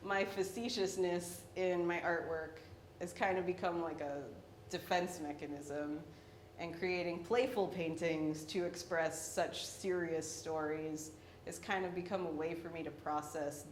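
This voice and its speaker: A young woman presents her own paintings with a wry, self-mocking humor. Her voice sits a little low. The room is echoey and a faint rumble runs underneath. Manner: wry, self-deprecating, laughs between points. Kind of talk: artist talk about her work.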